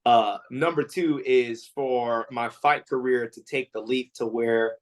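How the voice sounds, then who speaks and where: A man's voice: mid-range voice, slow. A man, a fighter, answering interview questions in casual talk, acting out quotes with lots of fillers. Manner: animated storytelling, acts out quotes; frequent fillers and restarts. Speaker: MMA fighter, interview guest.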